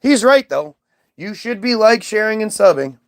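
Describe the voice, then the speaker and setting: A man's voice: sits high, sing-song, normal speed. A man hosting a livestream, rambling and swearing while reading things aloud from his screen. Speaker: livestream host.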